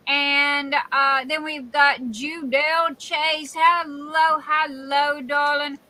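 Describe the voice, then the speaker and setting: Southern woman, stream host; high, bright, chatty, calls folks darling. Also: flat delivery, slow pace, rough recording. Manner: chatty, greets viewers one by one with endearments. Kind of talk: casual live-stream chat.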